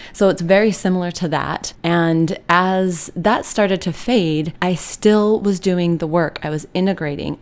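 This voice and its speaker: A woman's voice: deep voice, smooth. A middle-aged woman, a hypnotherapist, telling a personal story in an earnest, heartfelt, reflective way.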